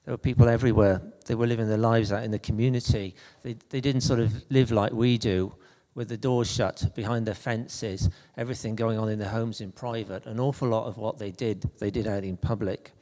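Mellow-voiced man preaching in a reverberant hall. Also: fairly low pitch, steady tone. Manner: conversational, halting with restarts. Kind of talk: anecdotal sermon.

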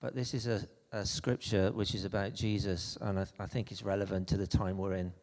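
Guy preaching a chatty sermon, low mellow voice, lots of restarts, big church echo. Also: flat delivery. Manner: conversational, halting with restarts. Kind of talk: anecdotal sermon.

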